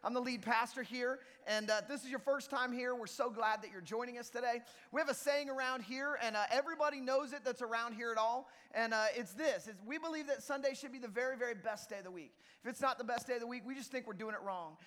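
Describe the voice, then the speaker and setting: A man preaching a sermon as lead pastor, lively and joking with the congregation in a church auditorium. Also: very high-pitched, fast talker, hardly any pauses. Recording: long reverb of a church hall.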